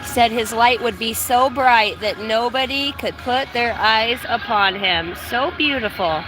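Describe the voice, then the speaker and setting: A woman's voice: on the high side, measured pace, rough recording. Casual woman livestream host, salty and rambling, outdoors with music playing behind. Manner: loose, profane, greets viewers by name. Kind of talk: casual morning livestream chat. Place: outdoors by a truck at dawn.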